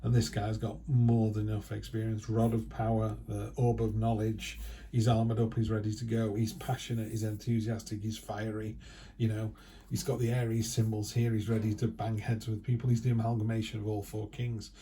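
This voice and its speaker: A man's voice: on the low side, monotone, brisk, mellow, slight background noise. A man giving a casual, chatty tarot reading who acts out quoted remarks in other voices. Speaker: tarot reader.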